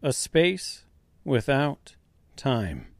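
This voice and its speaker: Slow deliberate male storyteller, dry sound. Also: medium pitch, huge pitch swings, vocal fry, no room sound. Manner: slow, deliberate reading with quiet voiced dialogue. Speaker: narrator. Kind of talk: audiobook narration of a dark fantasy serial.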